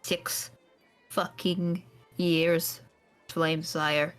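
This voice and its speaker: A woman's voice: fairly low pitch, little pitch movement, extremely slow, faint music behind. A woman voicing a resentful young woman trainee who speaks in a clipped, formal, accusing way. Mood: bitter, angry.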